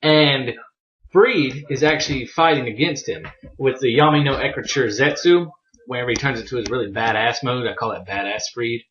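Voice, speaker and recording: A young man casually reviewing a manga chapter, excitable and profane, laughing often, on a dull lo-fi recording. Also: medium pitch, moderate pace, slight background noise.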